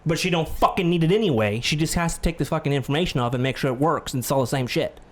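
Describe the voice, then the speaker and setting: Ranting man swearing through a story. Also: rapid-fire. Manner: ranting, swears a lot, grows loud and high when angry. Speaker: podcast host. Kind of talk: casual podcast chat.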